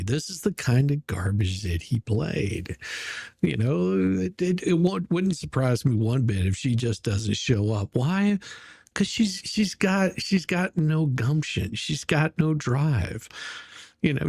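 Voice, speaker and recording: Gravelly man hosting a livestream. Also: mid-range voice, warm tone, dry recording, studio quality. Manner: mocking, greets viewers by name, rambling with restarts. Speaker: livestream host. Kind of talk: casual livestream chat.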